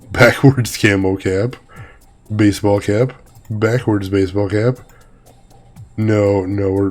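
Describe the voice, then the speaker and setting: Here a gaming video host with a lowish, darkish voice, a little weak, offers casual let's-play commentary. He chats, cracks jokes and reads game text out loud.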